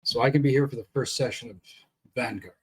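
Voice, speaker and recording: A man's voice: medium pitch, quick pace, a little hiss or hum. A man, a player in a tabletop game, chatting casually in a matter-of-fact way about scheduling. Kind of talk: casual tabletop session chat.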